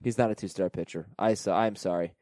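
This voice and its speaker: A man hosting a fantasy baseball podcast, chatting casually and reading listener emails aloud with animated delivery. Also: low-pitched, fast, dry recording. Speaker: podcast host.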